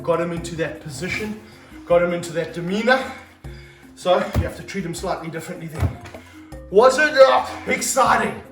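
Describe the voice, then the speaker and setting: An energetic man, handling and filming a snake outdoors for his vlog, exclaiming and coaching a helper. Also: high voice. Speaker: snake handler and wildlife vlogger. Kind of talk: excited hands-on wildlife vlog. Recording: roomy sound, mic held off at a distance, faint music behind.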